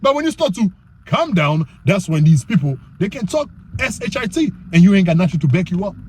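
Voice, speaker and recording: A man giving an emphatic, preachy motivational talk to his viewers about self-control, reading scripture slowly and often asking "you know what I'm saying?". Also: high voice, sing-song, darkish tone, slight background noise. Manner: reads scripture aloud slowly in old-style wording. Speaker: YouTuber giving faith-based self-control advice.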